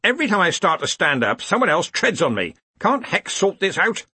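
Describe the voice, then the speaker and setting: A man's voice: high-pitched, big pitch swings, brisk, bright, forceful tone, husky, dry recording, voice pushed up, exaggerated voice. A man voicing a bluff, commanding older head wizard in an audiobook. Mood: hearty.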